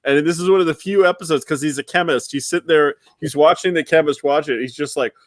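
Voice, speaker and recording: A man's voice: on the high side, fast talker, no echo. Rambling man in his forties, dry close mic. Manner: rambling storyteller, slips into goofy voices. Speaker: podcast co-host. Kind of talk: casual chat.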